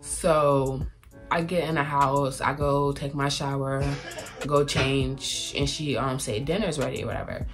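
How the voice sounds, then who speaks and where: A woman's voice: extremely low pitch, steady tone, unhurried. A young woman telling a personal story in candid, profane casual talk, acting out other people's lines. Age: young adult. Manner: candid, profane, quotes people in raised voices. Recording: music playing loudly behind.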